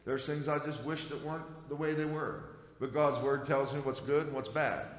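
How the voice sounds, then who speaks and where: A man's voice: on the high side, steady tone, moderate pace. A male pastor preaching a sermon in a folksy, conversational way, dropping in frequent amens. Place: church sanctuary. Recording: echoey church hall.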